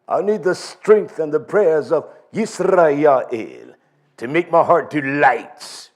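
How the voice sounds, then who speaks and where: Male preacher, higher voice, slow emphatic delivery with big swings in pitch. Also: animated. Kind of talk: sermon.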